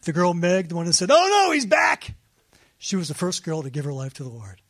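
A man in his sixties telling a personal story in a sermon, animated and laughing at himself. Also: a little high, quick pace. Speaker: speaker at a faith gathering.

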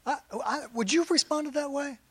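A man's voice: very high voice, a little fast, a bit bright, no echo. A man preaching to his congregation as pastor, in a chatty sermon full of rhetorical questions and asides to the listeners. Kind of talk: conversational sermon.

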